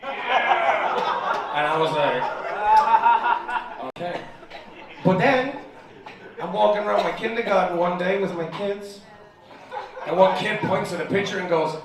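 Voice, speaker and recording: A man's voice: sits high, moderate pace, pauses often, crowd noise. Brash British man doing stand-up. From United Kingdom. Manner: brash, profane storytelling, acts out dialogue. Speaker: stand-up comedian. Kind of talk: stand-up comedy set. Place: comedy bar showcase, indoors. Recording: distant mic, heavy room echo, audience laughter.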